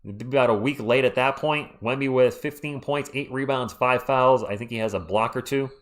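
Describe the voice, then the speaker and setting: A man, hoarse and losing his voice, doing fan play-by-play on a live stream and ranting about referee calls. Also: mid-range voice, moderate pace.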